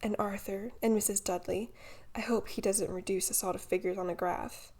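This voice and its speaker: A woman's voice: medium pitch, steady tone, normal speed, a little mellow, lightly acted. A woman doing a dry, teasing young woman. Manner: dry, mocking.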